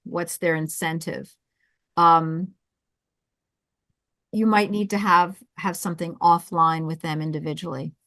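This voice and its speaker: A woman with a South Jersey accent hosting a webinar, coaching with lively restarts and repeated words. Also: lowish voice, a little slow, pauses often, no echo. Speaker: webinar host and intercultural coach.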